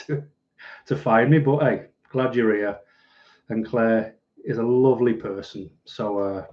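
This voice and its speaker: A man's voice: mid-range voice, darkish tone. A man hosting a casual livestream, reading viewer comments aloud in a chatty, rambling way and laughing easily. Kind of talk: casual live chat. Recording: dull lo-fi recording.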